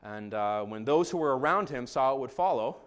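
A male pastor preaching a sermon to his congregation, dramatic and shifting between hushed, quiet stretches and loud, shouted passages. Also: medium pitch, expressive, moderate pace.

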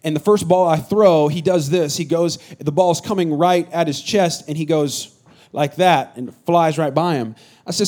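A middle-aged man from the Bay Area preaching a sermon as pastor, animated and joking with his congregation. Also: fairly high pitch, a little fast. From San Francisco Bay Area. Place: church hall with a congregation.

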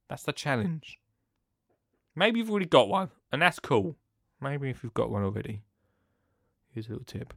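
A man hosting a podcast in a rambling, chatty way, swinging between loud bursts and hushed asides. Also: mid-range voice, very animated, normal speed, gravelly, no echo, clean studio sound. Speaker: podcast host. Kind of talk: casual chat.

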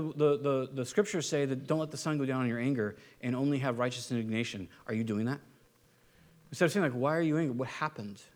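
A man preaching a sermon in a conversational way, asking his listeners rhetorical questions and swinging from animated to quiet and low. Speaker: pastor.

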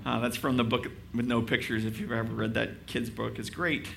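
A man's voice: medium pitch, level tone, fairly quick, creaky, a bit bright, a little hiss or hum. A male pastor preaching a sermon in a casual, conversational way. He makes self-deprecating jokes and keeps asking his listeners rhetorical questions.

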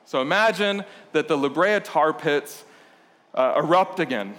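A man's voice: on the high side, lively intonation, unhurried, fairly bright tone. A man, a pastor, preaching a sermon in a casual, conversational way with playful storytelling. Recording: long hall reverb.

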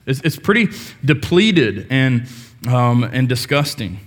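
A young adult man preaching a casual sermon as pastor, joking with the congregation and filling pauses with ums and restarts. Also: mid-range voice, very animated.

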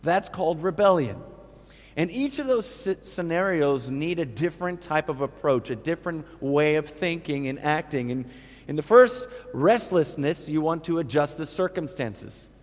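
A middle-aged man preaching a sermon, with emphatic, lively storytelling. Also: on the high side, moderate pace. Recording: long reverb of a large hall.

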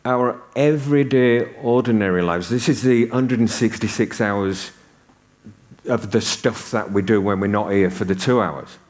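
A man's voice: lowish voice, unhurried, darkish tone. A man in his sixties from the north of England, preaching a sermon and telling stories with humor. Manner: conversational storytelling with humor.

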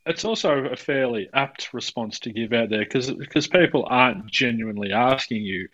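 A man's voice: mid-range voice, moderate pace, fairly bright tone. A man hosting a podcast over a video call, with a middling voice. He rambles and restarts often, talking loosely, and the call audio sounds a little dull and lo-fi. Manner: rambling, many restarts and fillers. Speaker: podcast host. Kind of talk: casual conversation.

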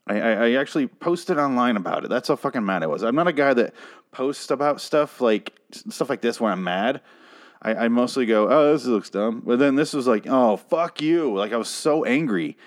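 A man's voice: mid-range voice, expressive, brisk. A man hosting his own episode review show, ranting with profanity and sarcasm about how bad the episode was.

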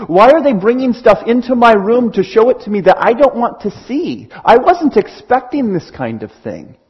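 A man preaching a sermon in an animated way, acting out little scenes as he explains. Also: high-pitched, husky, lo-fi sound.

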